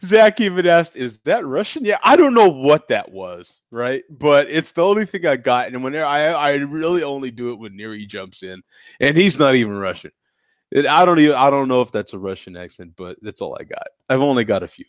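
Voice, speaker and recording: Man from the US, show host, casual chat, laughs a lot, lively pitch, dull dry recording. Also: brisk, no room sound. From United States. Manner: laughs often, animated exclamations. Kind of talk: casual chat, reacting to viewer comments.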